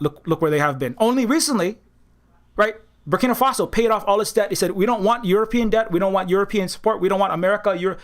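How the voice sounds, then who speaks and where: High-voiced man ranting about politics. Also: fairly bright tone. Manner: rambling and heated, many restarts, mocking put-on voices. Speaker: political commentator, channel host. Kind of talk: casual political monologue.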